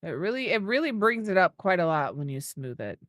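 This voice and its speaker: Lively woman cooing over a zoo animal. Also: lowish voice, fairly quick, dry recording, studio quality. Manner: coos baby talk at a zoo animal; chatty, thinking aloud while building. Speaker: gaming video creator. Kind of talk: casual gameplay commentary.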